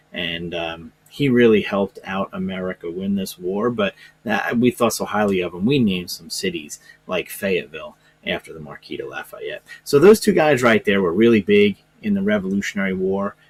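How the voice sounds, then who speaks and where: Teacher type, male, low husky voice, chatty and unpolished, talks through a history lesson with lots of ums. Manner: rambling, hesitant, lots of fillers and restarts. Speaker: social studies teacher. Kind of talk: informal classroom lecture.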